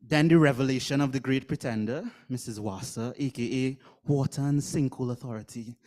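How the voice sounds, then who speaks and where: A slam poet with a Trinidadian accent performs a comic spoken word poem, his mid-range, darkish voice moving fairly quickly. His delivery is theatrical and funny, complete with mock voices.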